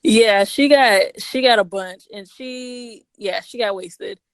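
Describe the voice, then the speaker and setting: A woman co-hosting a podcast, casually retelling a story and quoting its characters in a lower voice. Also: slow pace, no room sound. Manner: relaxed, chatty, quoting characters in a lower voice, laughs often. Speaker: podcast co-host reviewing a story.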